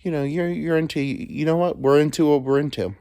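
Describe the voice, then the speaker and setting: A man's voice: fairly high pitch, steady tone, a little fast, warm tone, smooth, dry recording, studio quality. A man hosting a solo podcast from home, rambling crudely with joking asides. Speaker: podcast host. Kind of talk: casual solo monologue. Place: alone at home.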